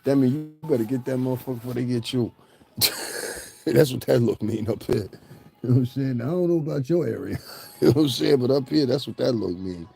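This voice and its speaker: Male gossip vlogger with a mellow voice, mocking and ranting, laughs at his own jokes. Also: mid-range voice, brisk, vocal fry, soft background music. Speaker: celebrity gossip commentator. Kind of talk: profane ranting commentary.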